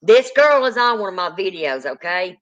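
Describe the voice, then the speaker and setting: A woman's voice: mid-range voice, moderate pace, dull audio. Lady host swapping ghost hunt stories, chatty, mimics folks, cusses a lot. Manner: lively anecdotes, acts out quotes, swears freely. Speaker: paranormal investigator and channel host. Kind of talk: casual storytelling chat.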